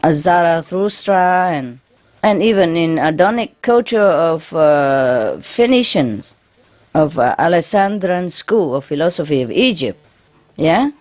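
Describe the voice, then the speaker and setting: A woman with a low voice gives an informal spiritual talk to her followers. She is chatty and laughs often, tags her phrases with "yeah?", and speaks English as a second language with many fillers and restarts. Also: a little mellow. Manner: non-native English grammar, frequent fillers and restarts. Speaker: spiritual teacher.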